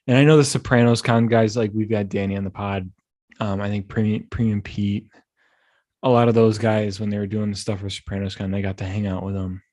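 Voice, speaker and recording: A young man hosting a podcast, rambling through animated stories full of restarts. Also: on the low side, fairly quick. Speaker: podcast host. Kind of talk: casual chat.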